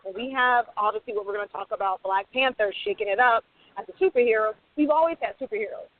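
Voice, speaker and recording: A woman's voice: medium pitch, quick pace, dry recording. A woman screenwriter on a radio panel, talking passionately and acting out bits of dialogue. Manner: passionate, animated, acts out quoted dialogue. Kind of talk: panel discussion. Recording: tinny phone-line sound, dry.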